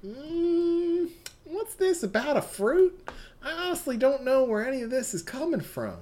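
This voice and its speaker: A woman's voice: sits high, sing-song, a little slow, darkish tone, pitched above the performer's own voice. A woman voicing a pampered middle-aged Southern belle with a put-on Southern accent, sugary and evasive. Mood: genteel denial. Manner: sugary, genteel, feigning innocence.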